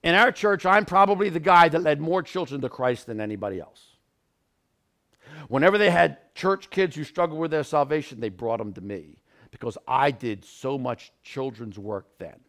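A middle-aged man preaches with a gravelly, slightly raised voice. His pitch moves a lot as he tells stories, dropping to quiet asides and rising to loud bursts. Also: expressive, normal speed. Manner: storytelling, swings from quiet asides to loud outbursts. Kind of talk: sermon.

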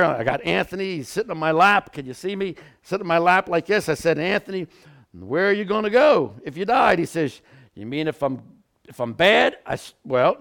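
Gravelly preacher man, lively storytelling. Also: a little high. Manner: storytelling, swings from quiet asides to loud outbursts. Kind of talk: sermon.

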